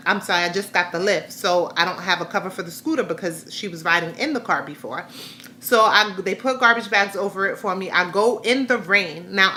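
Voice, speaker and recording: Bright voiced woman rambling thru a personal story on her vlog, keeps restarting. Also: fairly low pitch, slight background noise. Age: adult, has a grown son. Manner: candid, rambling retelling with frequent restarts. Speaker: vlogger.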